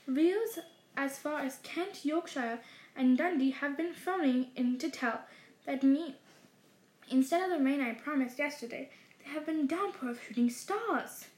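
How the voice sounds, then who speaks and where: A woman's voice: high voice, a little slow, darkish tone. A woman voicing a chatty, joking male TV weatherman in a storybook. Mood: breezy. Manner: breezy, joking. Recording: roomy echo.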